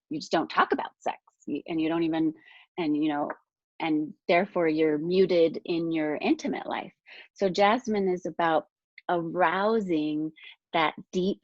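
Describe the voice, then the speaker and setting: A woman with a lowish voice leads a spiritual workshop on a video call, earnest and rambling, with frequent fillers and restarts. The audio is dull and lo-fi, and the sound is dry and close. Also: a little mellow, no room sound. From United States. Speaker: essential oils presenter. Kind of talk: casual spiritual workshop talk.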